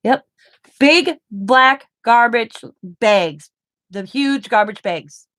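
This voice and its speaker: A woman's voice: on the high side, drawn-out words, fairly bright tone, no room sound. A middle-aged woman, casually chatting and telling a rambling family story full of quoted back-and-forth. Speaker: craft channel host. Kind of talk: casual chat to camera.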